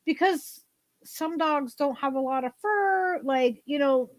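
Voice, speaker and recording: A woman co-hosting a casual livestream, rambling and chatty with lots of "like" and quick laughs. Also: high-pitched, no room sound. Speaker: co-host.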